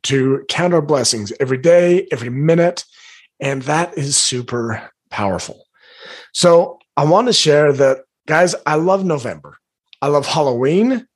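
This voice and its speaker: A man in his forties, a life coach, giving a motivational teaching talk to viewers in an earnest, emphatic way and repeating his key phrases. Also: fairly high pitch.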